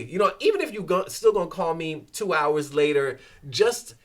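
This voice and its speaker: Guest, male, fairly high pitch, casual animated storyteller. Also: moderate pace. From Haitian family. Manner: animated storyteller, acts out exchanges with lively shifts in pitch. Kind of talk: casual chat.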